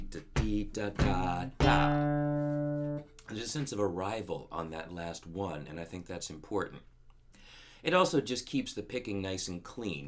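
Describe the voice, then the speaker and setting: A man giving a guitar lesson in a calm, methodical way, counting beats and scatting rhythms aloud as he explains the parts. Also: low-pitched. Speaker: guitar teacher. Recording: music playing loud under the voice.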